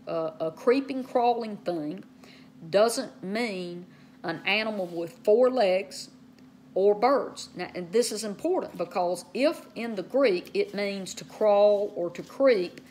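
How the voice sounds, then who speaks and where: A woman teaching Bible study in a casual way, often saying "okay", spelling out words and slowing down to stress key terms. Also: mid-range voice, darkish tone, a little hiss or hum.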